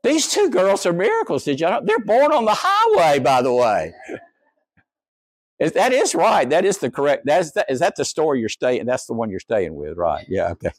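A pastor delivers his sermon in a fairly high voice. He swings between quiet, wry asides and raised, animated exclamations. The sound is dry and close, with no room echo. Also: moderate pace.

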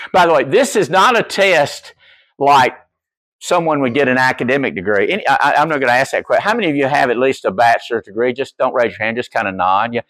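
A man preaching a sermon as pastor, telling stories in an animated way and putting questions to his congregation. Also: mid-range voice, no room sound. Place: church.

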